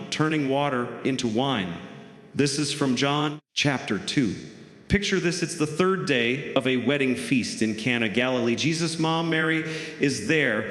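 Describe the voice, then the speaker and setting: A man's voice: mid-range voice, a bit bright. A man performing stand-up comedy in a wry, conversational storytelling manner, recorded on a theater stage with roomy hall reverb.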